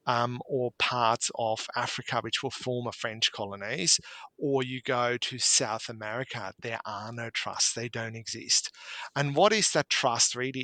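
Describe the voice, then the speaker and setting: A man's voice: mid-range voice, bright, forceful tone, no echo. A man, an accountant guest on a podcast interview, explaining with homely anecdotes and examples.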